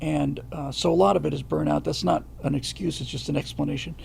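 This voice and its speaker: With a steady tone, vocal fry, and a somewhat dark, high-sitting voice, this middle-aged livestream host talks casually over a faint hiss or hum. He reads viewers' questions and comments out loud, speaking haltingly and restarting often amid plenty of fillers.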